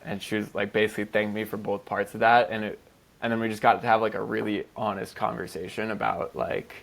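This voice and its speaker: A man co-hosting a podcast in an easygoing, rambling chat. His voice sits low with a gravelly fry. He swears casually and leans heavily on "like" between his thoughts. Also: fairly even intonation, fairly quick, a bit bright. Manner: loose, profane, heavy "like" fillers. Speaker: podcast co-host.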